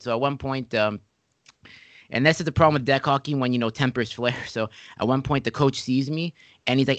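Speaking fast in a mid-range voice, a man hosts a laid-back interview podcast, spinning lively stories and performing the lines he quotes. The recording is dry.

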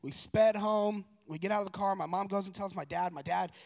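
Man, fairly high voice, casual rambling storyteller, self-correcting, long echo around him. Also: a little fast, gravelly, darkish tone. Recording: long room reverb.

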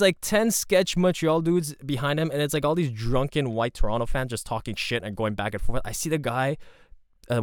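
A man telling a rambling, profane story in a casual, animated way. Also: medium pitch, clear, resonant tone, dry recording, studio quality.

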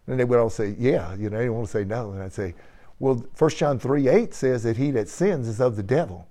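A man leading a church gathering, telling an animated testimony with laughter and frequent praise. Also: medium pitch, a little fast. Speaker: church fellowship leader.

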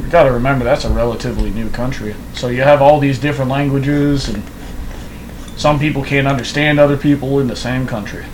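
A man's voice: mid-range voice, brisk, slight background noise, poor audio. A young man from Texas co-hosting a podcast, talking casually, swearing and acting out quoted voices. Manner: animated storyteller, acts out quotes, swears freely. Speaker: podcast co-host. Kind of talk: casual chat.

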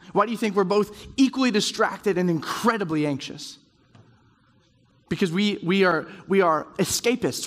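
A man with a high voice preaches in a conversational way to a roomful of men at round tables, slipping into quoted inner voices to make his points. His words carry a long hall reverb behind them. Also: fairly bright tone. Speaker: speaker at a men's group. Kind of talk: sermon. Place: large room with round tables.

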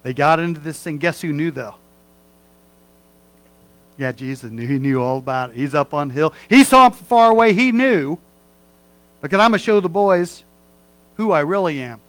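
A man's voice: fairly high pitch, normal speed, pauses often, poor audio. A middle-aged man preaching a sermon as pastor, in a folksy, conversational way with humorous asides.

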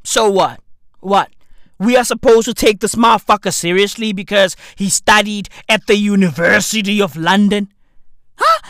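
A woman's voice: mid-range voice, normal speed, no echo, studio quality. A young woman, ranting sarcastically and with heavy swearing as a commentary vlogger. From South Africa. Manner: sarcastic, swearing, mocking, loud outbursts. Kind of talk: profane comedic rant.

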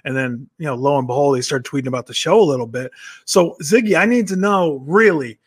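A man's voice: a little high, a little fast, slightly rough, dry recording. A man co-hosting a podcast, teasing and needling the others in casual banter. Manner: teasing, laughing, egging others on. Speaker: podcast co-host.

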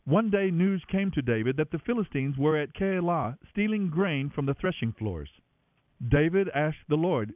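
A man reads scripture aloud with dramatic expression, his fairly high voice rising and falling in a lively way. The sound is dry and thin, like a narrow radio broadcast. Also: normal speed, dry recording. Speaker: Bible reader.

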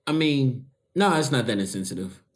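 A man's voice: mid-range voice, expressive, moderate pace. A young man co-hosting a podcast, joking and swearing freely in casual chat. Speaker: podcast co-host.

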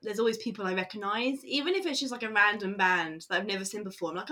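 A woman's voice: mid-range voice, quick pace, bright, forceful tone. Chatty woman with lots of fillers. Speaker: interviewee. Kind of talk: casual chat.

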